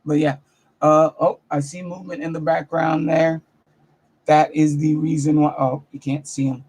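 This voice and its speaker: Brief: young comedian vlogging from his bedroom, high voice, animated, cusses freely. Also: normal speed, breathy edge. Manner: animated, profane, self-mocking storytelling. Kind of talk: casual storytelling vlog. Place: bedroom at home.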